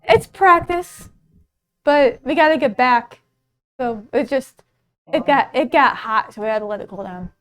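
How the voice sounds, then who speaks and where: Player: a high-voiced woman, chatty, laughs often. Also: a little slow, a bit bright. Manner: chatty, laughs between lines. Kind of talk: tabletop role-play chat.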